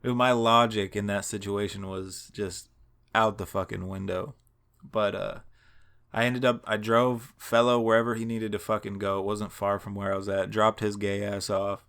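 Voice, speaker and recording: A man's voice: lowish voice, flat delivery, moderate pace, gravelly, fairly bright tone, clean tone. A man telling a long story in a casual, rambling and profane way, laughing now and then.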